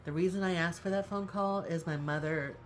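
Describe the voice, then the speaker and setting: A woman's voice: fairly low pitch, fairly quick, slight background noise. A middle-aged woman talking candidly to camera about family caregiving, rambling, apologizing and laughing often, close to tears. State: near tears. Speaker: caregiving vlogger. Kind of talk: casual talk to camera.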